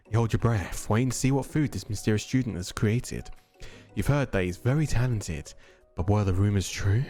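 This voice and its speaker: A man streaming a dating game, reading the narration aloud and tossing in animated, casually profane asides. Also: fairly low pitch, fairly quick, faint music behind.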